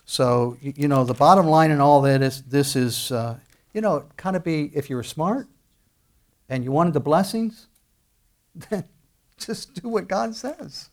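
A man's voice: fairly high pitch, measured pace. A middle-aged man preaching a sermon as pastor, conversational and full of restarts, rising to bursts of emphasis.

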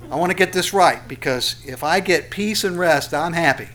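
A man preaches a sermon in a church sanctuary. His voice sits a little high, and he keeps it animated, firing off rhetorical questions and repeating short phrases to drive them home. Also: moderate pace. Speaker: pastor.

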